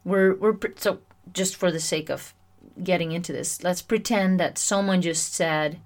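Lower-pitched woman hosting her own self-help podcast; talks chattily and laughs at herself. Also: normal speed. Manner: chatty, self-mocking and animated. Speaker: podcast host.

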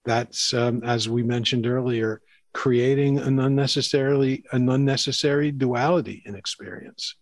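A man at an ordinary pitch speaks in a thoughtful, earnest way, often restarting phrases as he works through a point. His voice is dry and close, heard over a video call. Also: steady tone, moderate pace, few pauses, no room sound. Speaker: podcast co-host. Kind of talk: casual conversation.

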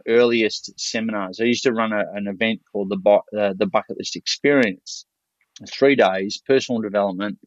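A man with a low-side voice, an Australian seminar speaker, tells casual, energetic stories peppered with swearing and many restarts. His dry recording comes across dull and lo-fi.

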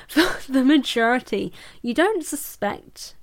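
A woman's voice: high voice, lively intonation, a little slow. A young woman hosting a casual book review podcast, chatty and jokey, often breaking into laughter. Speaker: podcast host.

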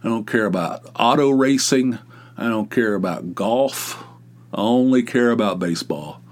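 A man's voice: fairly low pitch, normal speed. Rambling, wry man hosting a solo podcast. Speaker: podcast host. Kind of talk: casual solo monologue.

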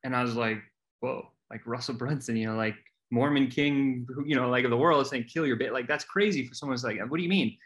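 A man's voice: mid-range voice, steady tone, fairly quick, fairly bright tone. A man talking as a podcast guest, telling his story candidly and earnestly, often restarting and repeating words.

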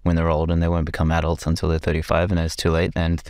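A man's voice: low voice, monotone, quick pace, darkish tone, no echo. A man talking as a podcast guest in a loose, rambling way, with many restarts and casual swearing.

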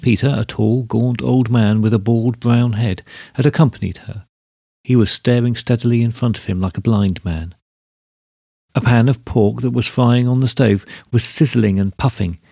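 A man reads a story aloud at a steady, measured pace. His voice is gravelly and a little husky. The recording is dry and close. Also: mid-range voice, dry recording. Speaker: narrator. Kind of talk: storybook reading.

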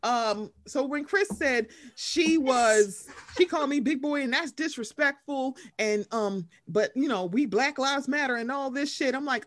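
A woman's voice: high voice, a little slow, few pauses, dry recording, clean studio sound. A woman, recapping reality TV gossip in casual chat and acting out quotes. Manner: animated gossip, acts out quotes. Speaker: podcast co-host.

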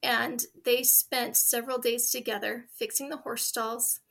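Bright-voiced woman telling heartfelt stories. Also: on the high side, flat delivery, a little slow, creaky. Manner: earnest, heartfelt storytelling. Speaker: guest. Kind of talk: interview conversation.

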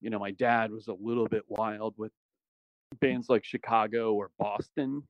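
A man's voice: on the low side, moderate pace, no room sound, dull audio. A man, a former special operations soldier, talking casually as an interview guest, rambling with many restarts and fillers. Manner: relaxed, rambling, frequent "you know" and restarts.

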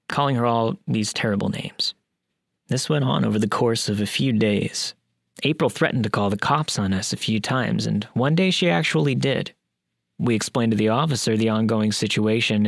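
A man's voice: mid-range voice, vocal fry, husky, dry recording, clean studio sound. A man narrating a true creepy story in a wry, blunt way with casual swearing.

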